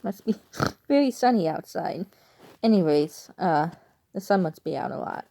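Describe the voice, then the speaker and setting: A woman's voice: on the low side, expressive, normal speed, gravelly, mellow. Rambling woman with a Chicago accent. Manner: rambling, chatty, self-correcting. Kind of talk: casual vlog chat. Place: at home.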